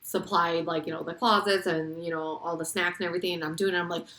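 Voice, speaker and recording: A woman co-hosting a podcast, chatting casually, excitable and swearing freely. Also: fairly low pitch, fast. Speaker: podcast co-host. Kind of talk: casual chat. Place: Las Vegas.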